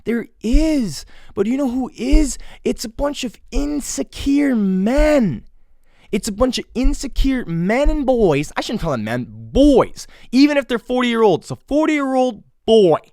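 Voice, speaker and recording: A man's voice: very high-pitched, big pitch swings, unhurried, a little mellow, no echo, clean studio sound. A man hosting a solo podcast, ranting sarcastically with crude jokes and mock exasperation. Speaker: podcast host.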